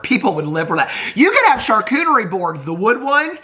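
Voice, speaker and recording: Picture a man from the US Midwest who talks with a Southern accent, chatting through a reality TV recap. His voice is bright and forward. He is gossipy and emphatic and keeps checking in with "okay?". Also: high voice, big pitch swings, a little fast, few pauses. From Indianapolis, Indiana, US Midwest. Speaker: TV recap YouTuber.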